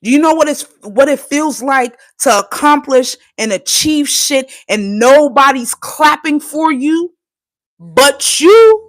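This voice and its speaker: On a livestream, a Trinidadian woman holds back tears while delivering a profane, passionate, insistent rant. Her voice sits high, with lively intonation and a slow pace.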